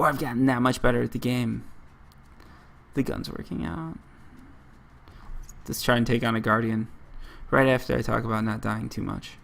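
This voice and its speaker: An American man narrates his gameplay in a loose, rambling way, constantly cutting off his own stories to react. His voice has a gravelly fry to it and sits at an ordinary middle pitch. He fills gaps with "like" and restarts. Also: a little hiss or hum. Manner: rambling, self-interrupting, lots of "like". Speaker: gaming channel host.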